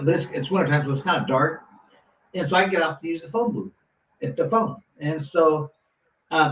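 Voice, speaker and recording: Man rambling through a story, roomy sound. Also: on the high side. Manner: rambling, animated anecdote with many restarts. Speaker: guest, former boxer. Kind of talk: casual storytelling. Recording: roomy, distant mic, faint noise.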